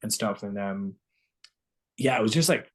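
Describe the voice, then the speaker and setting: A man with a fairly low voice tells a long, rambling story in a relaxed interview chat. He fills his sentences with constant filler words and loose restarts. The delivery stays casual and conversational. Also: moderate pace. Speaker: guest singer-songwriter.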